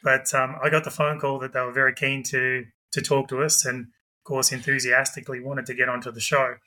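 A man, a guest, telling a lively anecdote with quick asides. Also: medium pitch, poor audio. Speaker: guest, budgie club president. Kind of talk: animated storytelling.

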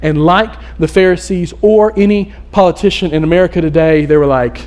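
A man delivering a sermon from the pulpit with a high, light voice. He speaks casually and with lots of energy, slipping into the voices of the people in the story as he tells it. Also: animated, brisk, a little mellow. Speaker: pastor. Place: church.

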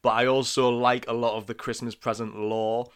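A man co-hosting a casual film podcast, animated and quick to laugh. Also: medium pitch, clear, resonant tone. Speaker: podcast co-host.

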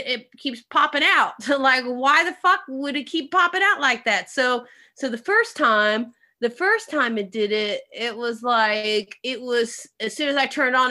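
A woman's voice: sits high, sharp tone. A woman in casual chat, telling a long story with lots of fillers, swearing and laughing.

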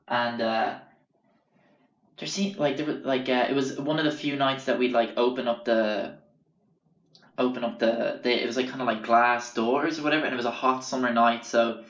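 A man's voice: mid-range voice, fairly bright tone. Young guy, rambling swear-heavy anecdotes; echoey room, dull sound. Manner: rambling, swears constantly, loses track of names. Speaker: storyteller. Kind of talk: casual profane anecdote.

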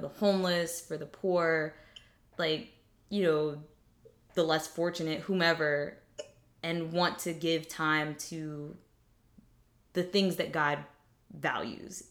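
Reflective young woman, low-pitched. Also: fairly bright tone. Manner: reflective, many fillers and restarts. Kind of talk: casual faith conversation.

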